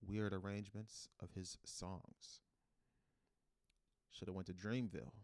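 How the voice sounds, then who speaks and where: A man hosting a solo comedy podcast, rambling in a deadpan, self-mocking way. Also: low-pitched, unhurried, no echo.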